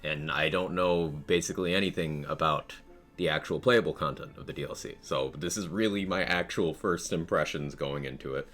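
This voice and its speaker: Low-voiced, bright male game streamer. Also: normal speed, soft background music. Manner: chatty, laughs often, rattles off greetings. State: out of breath. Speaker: game streamer reading chat. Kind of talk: casual live-stream chat.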